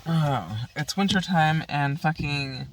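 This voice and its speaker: A woman's voice: deep voice, takes it slowly, very noisy. A woman vlogger in a casual, profanity-heavy rant, talking frustratedly while smoking at home.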